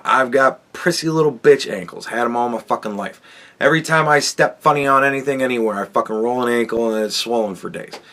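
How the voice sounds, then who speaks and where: A man's voice: medium pitch, sharp tone. A man hosting a podcast, telling a rambling, profane story in a casual monologue. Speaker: podcast host.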